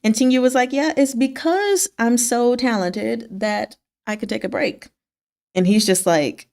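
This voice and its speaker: A woman hosting a casual book chat, recapping chapters in a chatty, wry way, laughing often and acting out quick lines from the story. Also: fairly high pitch, expressive, a little mellow. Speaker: book discussion host.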